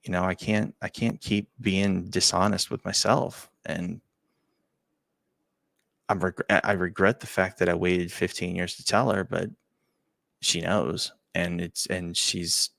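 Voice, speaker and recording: A man hosting a talk show, telling a personal story in a halting, emotional way, often dropping to a quiet near-whisper and repeating his words. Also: low voice, level tone, creaky, no echo. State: choked up. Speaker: show host.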